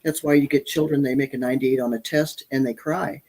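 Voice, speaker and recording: Husky-voiced woman, earnest and candid. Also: rumbling low, steady tone, fairly quick, a little mellow, rough recording. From Michigan. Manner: earnest, candid, with frequent restarts. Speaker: guest, parenting author. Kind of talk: interview conversation.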